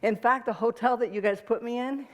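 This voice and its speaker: An American woman giving a personal testimony to an audience, animated and emotional, laughing often and restarting her sentences. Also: fairly high pitch, a little fast. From United States. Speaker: guest speaker.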